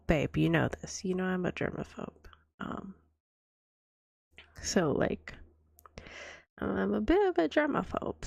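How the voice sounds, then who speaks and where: Sick girl doing whispered role-play, slow and gravelly, coughs, super dry close mic. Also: medium pitch, dry recording. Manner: soft-spoken, rambling, trailing off. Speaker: vtuber streamer.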